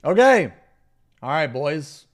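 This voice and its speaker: A man's voice: a little high, big pitch swings. A man streaming a game live, commenting as he plays and ranting about the fight with heavy swearing. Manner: profane, ranting, quick to shout in frustration.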